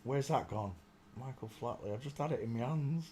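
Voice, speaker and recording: A man's voice: mid-range voice, moderate pace, dark tone. A man hosting a casual live stream, chatty and exclaiming, muttering to himself as he searches.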